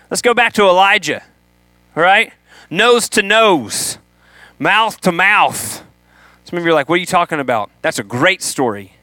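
A man preaching a sermon to a room, animated, acting out the people he quotes. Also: sits high, dry recording. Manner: animated, acts out quoted voices.

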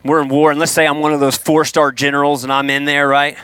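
A man preaching a sermon to a room, animated, acting out the people he quotes. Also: on the high side, fast, smooth, dry recording. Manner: animated, acts out quoted voices.

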